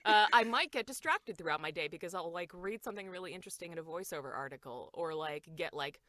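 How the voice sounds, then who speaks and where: A woman voice actor in a casual podcast chat, talking fast and laughing often as she acts out quotes. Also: fairly low pitch, expressive, fairly bright tone, dry recording, clean studio sound. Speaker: voice actor guest.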